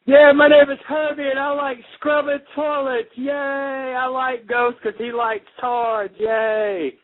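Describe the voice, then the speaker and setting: A man putting on a squeaky slow man-child voice. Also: level tone. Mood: goofy cheerful. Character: cheerful simple-minded man-child who loves scrubbing toilets. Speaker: prank caller. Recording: tinny phone line.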